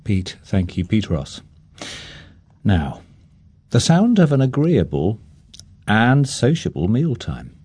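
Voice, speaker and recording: A man presenting a radio news programme, introducing stories and guests in a measured way. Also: fairly low pitch, huge pitch swings, a little mellow, slight background noise.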